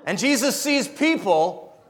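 A man preaching a sermon as a missionary, animated and joking, acting out voices in his stories. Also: very high voice, slow pace.

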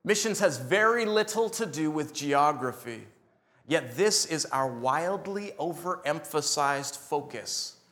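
Animated, fairly high-voiced male preacher. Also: a little slow. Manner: animated, joking, acts out voices in stories. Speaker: preacher and missionary. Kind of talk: sermon.

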